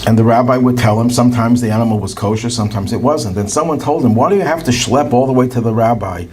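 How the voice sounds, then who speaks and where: A man's voice: mid-range voice, fast, a little mellow, slight background noise. A male rabbi telling anecdotes and chuckling at his own jokes. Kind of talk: storytelling talk.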